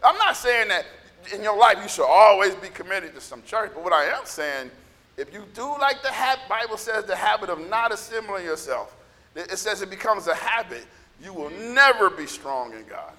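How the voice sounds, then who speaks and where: A man preaching a sermon as pastor, with a scratchy, gravelly voice and impassioned bursts of shouting. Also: high-pitched, big pitch swings, moderate pace. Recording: echoey hall reverb.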